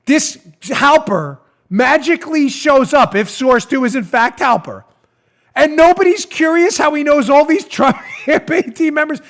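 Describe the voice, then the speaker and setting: A man in his forties hosting a political talk show, mocking and animated, often breaking into laughter. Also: very high voice, unhurried. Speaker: host.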